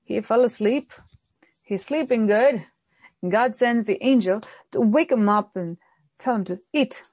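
A woman pastor delivering a sermon in an earnest preaching manner, often dropping low and soft to stress a point. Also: measured pace, husky, dry recording.

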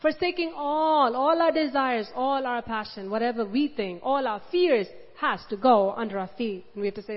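A woman's voice: a little high, normal speed, hardly any pauses. A woman preaching a sermon with passion, acting out the pleading words of the people in her story. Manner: impassioned, acts out Mary's pleading lines. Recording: dull sound with long hall reverb.

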